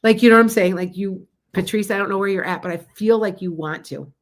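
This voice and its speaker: A woman's voice: medium pitch, a little fast. A middle-aged woman doing a live-streamed tarot reading, chatting casually and calling out viewers by name. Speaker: psychic tarot reader.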